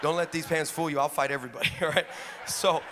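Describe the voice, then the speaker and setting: A man preaching a sermon as a pastor, energetic and humorous, often rising to shouts. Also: on the high side, fast talker. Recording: echoey hall, faint background noise.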